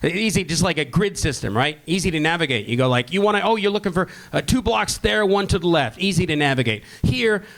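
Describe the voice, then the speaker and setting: A man's voice: a little high, expressive, gravelly, fairly bright tone. A man from Vancouver doing a profane, brash stand-up comedy set on a club stage with a handheld mic. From Vancouver, Canada. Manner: brash, profane, fast-talking.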